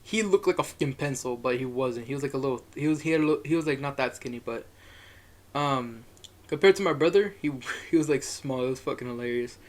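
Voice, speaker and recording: A man's voice: mid-range voice, quick pace. A young man telling a rambling, profane story in a casual monologue, chuckling as he goes.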